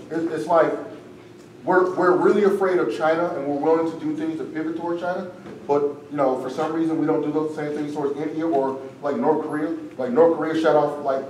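A debate instructor gives a relaxed, conversational classroom lecture, often ending sentences with "right?", his voice strained and tiring. His pitch is a little high for a man, and he's captured from far away in a roomy, echoey classroom over a faint hiss.

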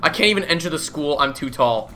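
Goofy young man with a bright voice. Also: on the high side, animated, fast. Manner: goofy, laughs often, swears casually. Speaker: gaming YouTuber. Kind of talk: casual gameplay commentary.

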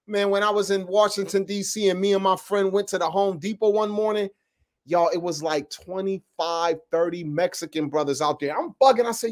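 A man from upstate New York preaches in a loose, fiery style, full of slang and direct asides to his audience. His voice sits high for a man, and he swings between loud punches and quieter stretches. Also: fairly quick. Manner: animated and emphatic, with street slang and asides to listeners. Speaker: Bible teacher. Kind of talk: informal preaching.

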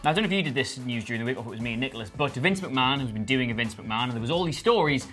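A man's voice: mid-range voice, expressive, very fast, a bit bright, faint music behind. A man co-hosting a wrestling news show in casual, jokey chat, laughing often.

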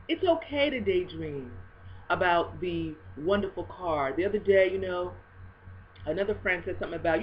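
A woman talking in a casual faith video blog, expressive and swinging between hushed and loud. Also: on the low side, moderate pace, highs cut off, a little hiss or hum.

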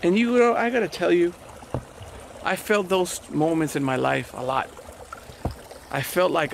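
A man preaching a conversational sermon, his slightly high voice carrying a gravelly edge. He circles back with repeated rhetorical questions, talking like a pastor to his congregation. Faint background noise sits under the voice. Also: steady tone, unhurried, pauses often.

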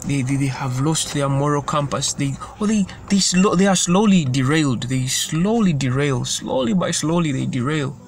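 A man's voice: fairly high pitch, animated, moderate pace, creaky, hardly any pauses, slight background noise. A man giving an informal sermon in an earnest, repetitive way, often stumbling and restarting his sentences. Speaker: preacher.

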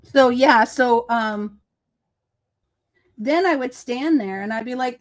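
A woman's voice: fairly high pitch, takes it slowly, long pauses. A woman with a Boston accent, hosting a casual crafting livestream and telling stories in a rambling, self-correcting way. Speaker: host.

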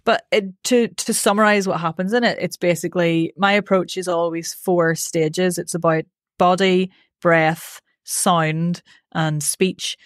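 A woman, a voice coach answering interview questions in a clear, methodical, upbeat way. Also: on the low side, fairly even intonation, a little slow, no room sound, clean studio sound. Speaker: voice coach, podcast guest.

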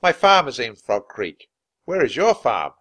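A man's voice: medium pitch, sing-song, voice pushed up. A man voicing an adult soldier captain in a storybook reading, with a firm, commanding manner. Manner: firm, commanding, loud, slow. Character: grown male soldier captain, gruff then kind.

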